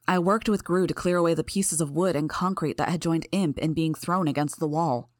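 A woman narrating a first-person audiobook in a steady, measured reading. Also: sits low, no room sound, clean studio sound.

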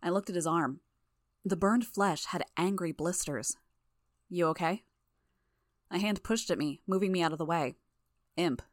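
Female audiobook narrator; low, steady first-person storytelling with a dry, close sound. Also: moderate pace, no echo.

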